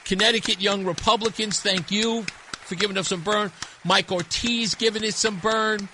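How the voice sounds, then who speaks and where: A man's voice: high voice, fairly even intonation, moderate pace, noisy background. A man hosting a talk radio show, speaking bluntly and emphatically into a studio microphone, repeating his points for effect. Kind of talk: opinionated talk radio monologue.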